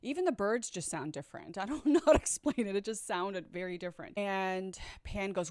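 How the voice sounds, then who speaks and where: A woman's voice: medium pitch, expressive, fairly quick, a little mellow, no echo. Chatty storytelling woman, dry close sound. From Chicago, USA. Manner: chatty, sassy asides to viewers, frequent laughter. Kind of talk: storytime vlog.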